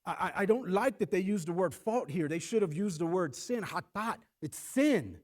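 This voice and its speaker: A man preaching from the pulpit with a slightly raised pitch and a very animated, swinging delivery. He acts out voices in the story and often repeats his first words before a point. His tone moves freely from loud stresses to quiet asides. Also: moderate pace. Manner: repeats words when starting a thought. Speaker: pastor. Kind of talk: sermon.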